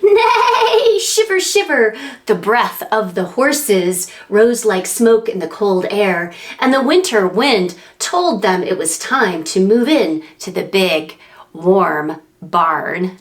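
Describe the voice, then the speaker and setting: Lively sing-song woman reading to preschoolers. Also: mid-range voice, takes it slowly. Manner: animated, sing-song, makes animal and wind sounds. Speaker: children's librarian. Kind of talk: reading a picture book aloud to preschoolers.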